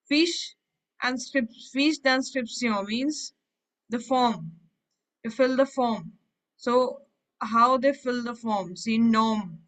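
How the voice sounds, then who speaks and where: A woman's voice: on the high side, a bit bright, low-quality recording. A woman teaching a French class, reading short phrases and then explaining each one in English. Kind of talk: online language class explanation.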